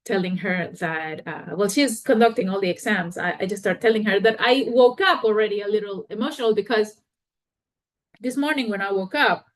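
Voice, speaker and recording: A woman hosts her own podcast and tells a personal story alone. Her voice sits at an ordinary pitch for a woman. She talks candidly and haltingly, with many restarts, and lifts her voice expressively as she retells what happened. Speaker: podcast host.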